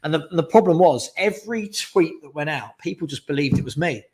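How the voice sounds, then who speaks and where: A man's voice: fairly high pitch, expressive, brisk, darkish tone. A man hosting a live fan stream, chatting casually and giving strong opinions while reading out viewer questions. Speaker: fan channel host.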